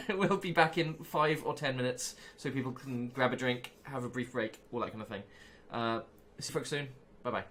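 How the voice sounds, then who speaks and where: A man narrating as game master, relaxed and hesitant, with many fillers. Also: mid-range voice, moderate pace, a little hiss or hum.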